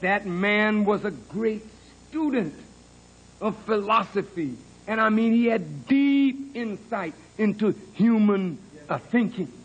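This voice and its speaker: On a poor-quality recording, a minister with a high voice and lively intonation delivers an unhurried sermon. He dramatizes his story, sinking low and hushed before building to emphatic heights, and earnestly insists he's telling the truth.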